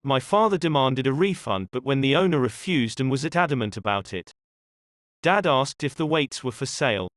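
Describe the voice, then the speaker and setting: A man hosting a channel and narrating stories in a scripted, even read-aloud delivery. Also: medium pitch, moderate pace, dry recording, studio quality. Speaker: channel host and story narrator.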